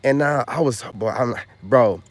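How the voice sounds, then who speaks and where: A man vlogging a casual story in a rambling, slangy way, dropping loud boasts and then hushed asides, full of filler phrases. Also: medium pitch, unhurried.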